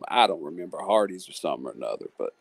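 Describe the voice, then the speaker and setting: A man with a low, gravelly voice and a lively, swinging pitch, talking casually as the host of a live panel. His talk rambles in a friendly way, and the dry sound keeps him close. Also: rapid-fire, dry recording. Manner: talkative, musing, friendly. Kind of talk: casual chat.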